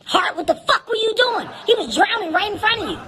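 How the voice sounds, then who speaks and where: A man voicing an older male lifeguard who scolds his new coworker, yelling in disbelief. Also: extremely high pitch, big pitch swings, brisk, pitched above the performer's own voice, exaggerated voice. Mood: exasperated. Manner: yelling, incredulous.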